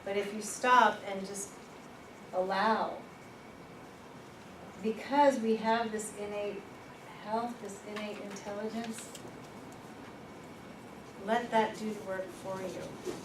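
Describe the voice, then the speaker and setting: A woman presenting a workshop, telling personal stories in a lively, informal way and laughing at herself. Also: mid-range voice, takes it slowly, pauses often. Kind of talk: personal storytelling in a workshop talk. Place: workshop room. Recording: echoey room, far from the mic, noisy.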